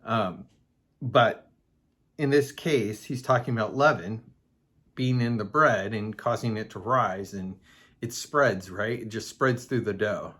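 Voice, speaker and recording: Guy doing a laid-back bible podcast, kinda husky, lots of likes and ums. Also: on the low side, unhurried, a bit bright. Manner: conversational, loose, many fillers and asides. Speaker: podcast host teaching the Bible. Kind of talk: casual Bible study podcast.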